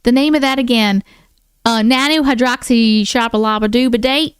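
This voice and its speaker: A woman's voice: fairly high pitch, moderate pace, clear, resonant tone, no echo, clean studio sound. A woman hosting a casual live stream, chatting and thanking viewers by name while keeping up a playful put-on accent. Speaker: livestream host.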